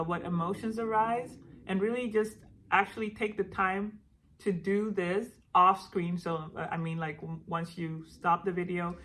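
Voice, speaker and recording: A young woman with a slightly low voice walks viewers through a self-help exercise. She talks in a casual, gentle way, pausing on fillers and restarting her sentences as she explains. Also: a little hiss or hum. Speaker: self-help video host. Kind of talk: casual instructional talk.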